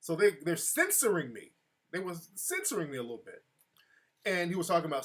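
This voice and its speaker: A man hosting a casual live talk show, telling stories in an animated way and calling out chat viewers by name. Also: fairly high pitch, a little fast, slightly rough. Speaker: show host.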